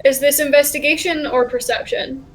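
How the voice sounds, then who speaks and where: A woman's voice: high voice, normal speed, faint music behind. A woman playing a tabletop game, playful and giggly. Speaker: player. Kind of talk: casual tabletop game play.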